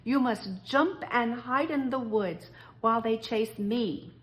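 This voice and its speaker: A woman voicing a kindly but stern male train engine driver in a storybook read-aloud, in a calm, plain voice. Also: a little high, slow pace.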